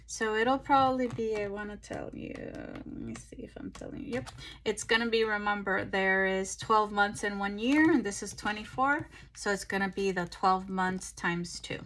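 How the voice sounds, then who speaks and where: A tired woman chatting casually through a craft haul, relaxed and full of ums and pauses, recorded on a phone. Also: mid-range voice, slight background noise. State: tired, yawning. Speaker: craft vlogger. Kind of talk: casual show-and-tell chat.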